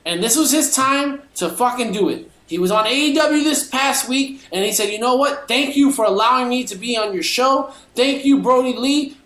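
A man's voice: very high voice, moderate pace, hardly any pauses, fairly bright tone, reverberant. A man co-hosting a podcast, delivering a profanity-laced, heated opinion rant. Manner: profanity-laced, fired-up ranting. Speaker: podcast co-host.

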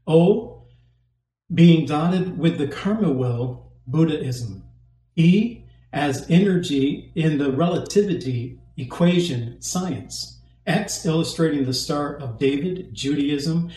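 Pastor, male, slightly high mellow voice, emphatic sermon delivery, roomy echo. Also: expressive. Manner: emphatic preaching with rhetorical questions and pauses.

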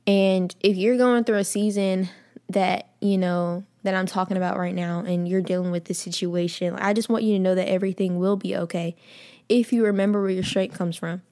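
A woman's voice: mid-range voice, steady tone, moderate pace, dark tone. Young woman, podcast host, earnest faith talk, casual fillers, addresses listeners as y'all. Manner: casual, many fillers, repeats for emphasis.

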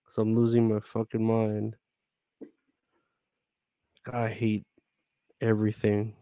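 A man's voice: on the low side, monotone, takes it slowly, dark tone, clear, resonant tone, dry recording. A man chatting casually with viewers on a live stream, rambling, grumbling and swearing a lot.

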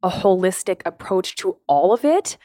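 A woman's voice: fairly low pitch, big pitch swings, moderate pace, mellow, no echo, studio quality. A woman co-hosting a casual podcast, talking in an earnest, emotional and open way. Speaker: podcast co-host.

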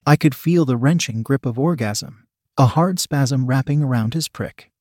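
Brief: a steady, measured male narrator of an erotic audio story, with a mid-pitched voice on a dry, close recording. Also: no room sound.

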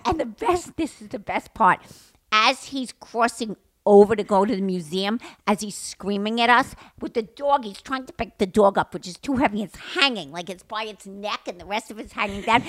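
Older woman, podcast co-host, chatty animated storyteller, dry close mic. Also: medium pitch, moderate pace, no echo. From Manhattan, New York. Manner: animated storytelling, acts out shouting quotes. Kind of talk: casual podcast chat.

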